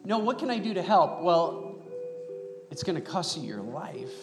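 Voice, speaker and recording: A man voicing God the Father gravely warning his son, in an echoey church hall. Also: sits high, big pitch swings, a little slow, music in the background, pitched above the performer's own voice, heavily acted.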